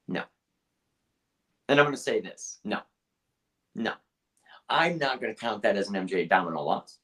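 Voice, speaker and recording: A man's voice: on the low side, expressive, moderate pace, long pauses, fairly bright tone. A man co-hosting a casual fight review podcast, blunt and profane, restarting his sentences often. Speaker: podcast co-host, artist.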